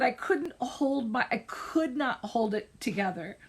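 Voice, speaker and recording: Woman, middle-aged, therapist, casual live-stream chat, slow pace, self-correcting, emphatic. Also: fairly high pitch, lively intonation, breathy edge. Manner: unhurried, personal, with restarts and self-corrections.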